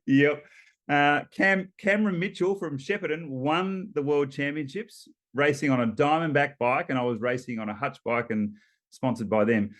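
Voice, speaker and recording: An Australian man in his fifties, a former rower, telling stories as a guest in a relaxed interview, laughing between points and restarting often. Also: a little high, normal speed. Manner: chatty storyteller, laughs between points, many ums and restarts. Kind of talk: casual storytelling interview.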